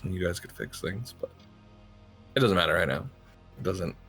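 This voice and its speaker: A man voicing a resigned, gravelly young adventurer. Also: low-pitched, expressive, normal speed, fairly bright tone, faint music behind. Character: young adult male adventurer, guilt-ridden but loyal.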